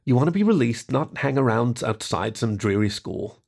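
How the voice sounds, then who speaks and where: A man voicing a mischievous, eager young girl in a storybook reading, in a raised, excited voice. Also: mid-range voice, normal speed, gravelly. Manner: excited and hopeful.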